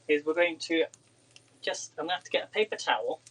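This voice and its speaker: A man's voice: on the high side, animated, fast, fairly bright tone, poor audio. A man cooking in a home kitchen and chatting casually to viewers of his live stream as he works. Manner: chatty, talks to viewers as he cooks.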